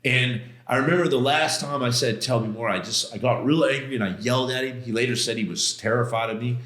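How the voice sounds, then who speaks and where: Middle-aged male podcast guest, intense and emotional storyteller, slangy, mid pitch, echoey room. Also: fast talker, fairly bright tone. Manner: intense, emotional retelling with many quoted exchanges and restarts; casual slangy phrasing. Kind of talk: personal storytelling in a podcast interview. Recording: roomy echo.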